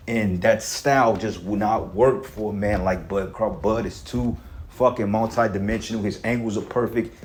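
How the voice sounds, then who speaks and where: Low-voiced profane ranting preacher man. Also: darkish tone, slight background noise. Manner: repetitive fillers, frequent "man". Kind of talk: livestream scripture teaching.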